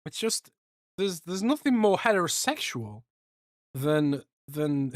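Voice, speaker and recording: A man's voice: fairly high pitch, big pitch swings, normal speed, no echo, studio quality. A young man hosting a casual livestream podcast, joking and rambling as he reads out chat. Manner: rambling, joking, swears a lot, trails off. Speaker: podcast host reading live chat.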